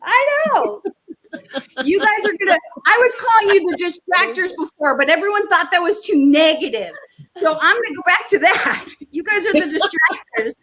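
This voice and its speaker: A woman with a high, bright voice hosts a live comedy show. She reads joke headlines and banters with the panel in a bubbly, giggly way that keeps breaking into laughter. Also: expressive, moderate pace, slight background noise, low-quality recording. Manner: bubbly, giggly, self-interrupting. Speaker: host.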